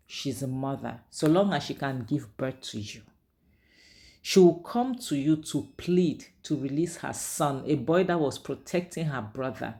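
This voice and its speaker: A woman with a very deep, slightly mellow voice and vocal fry casually recaps a drama series. Her review is chatty and opinionated, with frequent "like" and "you know."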